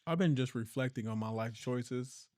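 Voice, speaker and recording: A man's voice: medium pitch, moderate pace, darkish tone. A man co-hosting a casual podcast with his wife, teasing her in playful, ribbing banter. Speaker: podcast co-host, host's husband. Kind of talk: casual couple's podcast chat.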